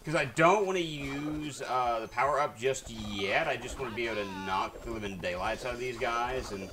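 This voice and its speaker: A man's voice: medium pitch, moderate pace, a crowd in the background. Chatty man streaming a game. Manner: chatty, rambling with frequent restarts and fillers. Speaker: streamer playing a video game. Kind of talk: casual gameplay commentary. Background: faint game music.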